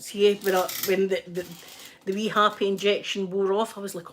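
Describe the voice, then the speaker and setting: A Scottish woman hosts her own channel, chatting casually as she irons and telling stories with lots of laughter. Her mid-range voice has a flat delivery at normal speed, with slight background noise.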